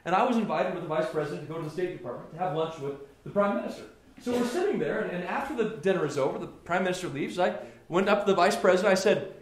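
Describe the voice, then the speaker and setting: A man's voice: sits high, lively intonation, quick pace, hardly any pauses. A man, a senator, giving a political speech to a small gathering and telling stories, often restarting and repeating words as he goes. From Colorado. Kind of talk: political stump speech with anecdotes. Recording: very echoey room with faint ambient noise.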